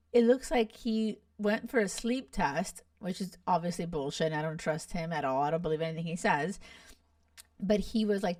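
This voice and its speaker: A young woman hosting a podcast, chatting in an animated, gossipy and blunt way with lots of swearing. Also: on the low side, dry recording, clean studio sound, distant mic. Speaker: podcast host. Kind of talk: casual chat reacting to a reality show.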